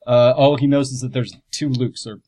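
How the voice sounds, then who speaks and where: A man's voice: medium pitch, steady tone, moderate pace, mellow. A man player in a tabletop role-play, casually describing his character, rambling and amused, with lots of fillers.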